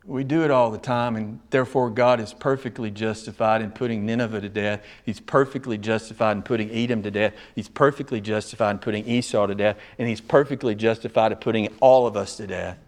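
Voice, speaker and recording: A male pastor preaching a sermon, swinging between loud, raised passages and hushed, low ones. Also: steady tone, a little fast, few pauses.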